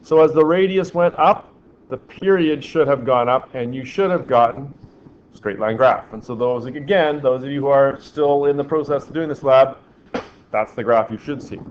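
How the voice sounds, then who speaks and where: A male physics teacher lectures his class, firing questions at students and slipping in deadpan jokes. The classroom recording sounds slightly muffled, with a faint hiss behind his voice. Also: medium pitch, moderate pace. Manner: dry joking asides, quizzing students.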